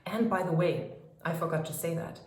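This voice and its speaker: A woman's voice: lowish voice, fairly even intonation, normal speed, roomy sound. A woman life coach talking casually to camera, emphatic, swinging between mocking and commanding tones. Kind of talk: casual direct-to-camera talk.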